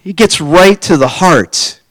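A man giving a conversational sermon, relaxed and informal, asking his listeners rhetorical questions. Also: high voice, takes it slowly, no echo. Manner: informal, poses rhetorical questions, acts out quoted voices. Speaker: preacher.

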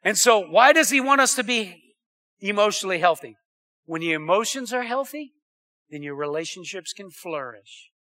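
A man preaching to his congregation. His voice sits high and rings bright and forceful, and he keeps turning to the crowd with questions as he swings between loud and hushed. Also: moderate pace. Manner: animated preaching with audience call-outs. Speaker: pastor. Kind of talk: sermon.

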